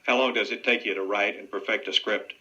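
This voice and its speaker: Man, low, bright and forceful voice, direct interview questions, lo-fi radio sound. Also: steady tone, fairly quick. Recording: dull lo-fi radio audio.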